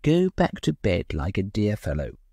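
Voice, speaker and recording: A man voicing a peevish, coddled, plump young man who talks in a shrill, fussy way. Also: big pitch swings, normal speed, creaky, darkish tone, no echo, clean studio sound, exaggerated voice. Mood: pleading.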